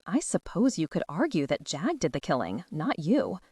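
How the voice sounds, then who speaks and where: Woman voicing a calm, steady young man. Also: on the high side, normal speed, husky, no room sound, clean studio sound, heavily acted.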